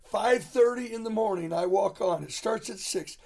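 A man's voice: high-pitched, moderate pace, creaky, darkish tone. A man who is a preacher, a guest on a podcast, telling a story in an earnest way and laughing while he remembers it. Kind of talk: conversational storytelling.

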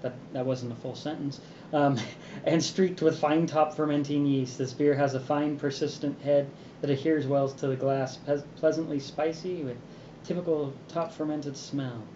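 A man hosting a beer review show in casual chat, relaxed and rambling with many fillers. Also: a little high, normal speed. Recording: roomy, dull sound with background noise.

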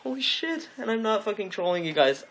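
Young male streamer, fairly high voice, overexcited, gasps and swears, rambles at his viewers. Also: very animated, brisk, fairly bright tone, a little hiss or hum. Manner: overexcited, gasping, swearing, repeating himself; rambling, talks to viewers and friends on a call. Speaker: game streamer. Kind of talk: live gameplay commentary.

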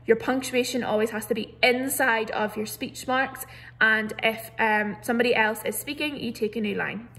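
A woman's voice: a little high, fairly even intonation, moderate pace, pushed and bright. A young woman teacher, explaining a grammar lesson patiently step by step. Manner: patient step-by-step explaining, reads examples aloud with emphasis. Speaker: primary school teacher. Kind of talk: recorded remote grammar lesson.

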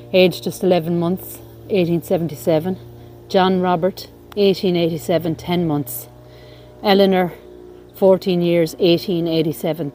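Reading gravestone inscriptions as she walks, this female vlogger offers relaxed tour-style commentary in an outdoor cemetery. Her pitch is fairly low and her sound is mellow.

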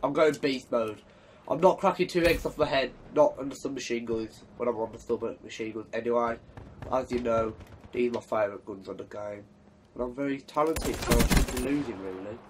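A young man casually commentating his own shooter game, excitable and swearing, trash-talking as he plays. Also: medium pitch, fairly quick, background noise. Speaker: gaming commentator.

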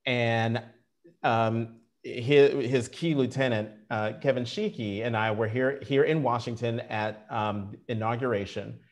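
A middle-aged man telling career stories in an interview, animated and acting out the quotes. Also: medium pitch, measured pace. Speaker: journalist guest. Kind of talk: storytelling interview.

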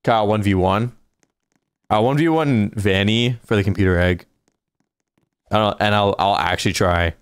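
A man livestreaming a video game, chatting casually and reacting out loud as he plays. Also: on the low side, normal speed, long pauses, clear, resonant tone, dry recording, studio quality. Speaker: gaming streamer. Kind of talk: casual live gameplay commentary.

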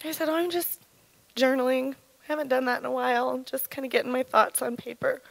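A woman in her thirties giving an earnest, halting personal testimony at church, her voice shaken with emotion. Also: high voice, little pitch movement, creaky, no echo, low-quality recording. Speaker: church speaker sharing testimony.

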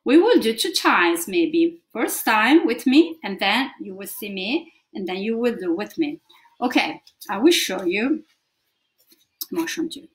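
A woman's voice: medium pitch, big pitch swings, a little slow. A woman teaching English to children, acting out emotions with gasps and whispers.

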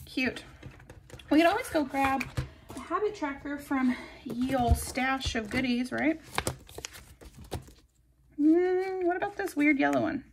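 A woman chatting casually and giggling as she decorates a planner, her voice sometimes dropping to soft murmurs. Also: high-pitched, expressive, unhurried, long pauses, noisy background. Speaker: planner vlogger. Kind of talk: casual plan-with-me narration.

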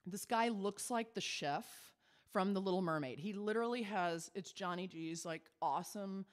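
A woman cabaret performer telling a chatty, animated story on stage. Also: mid-range voice. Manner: chatty, animated, quick asides.

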